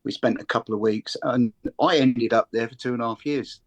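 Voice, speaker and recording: A man's voice: medium pitch, fairly even intonation, brisk. An older man, a former military instructor, telling stories in a rambling, casual way, full of restarts, fillers and swearing. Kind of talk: casual conversational storytelling.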